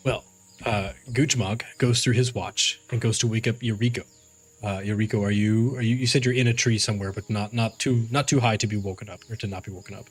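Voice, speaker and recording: A man's voice: fairly low pitch, steady tone, fairly quick, husky, faint music behind. A man narrating as game master for a tabletop game, rambling with fillers and restarts.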